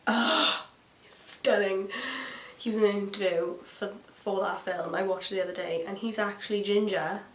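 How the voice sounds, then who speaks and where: Woman, beauty vlogger, rambling and gossipy, mid-pitched, echoey room with light hiss. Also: steady tone, moderate pace. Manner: rambling, gossipy, many fillers and asides. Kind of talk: chatty get-ready-with-me makeup tutorial.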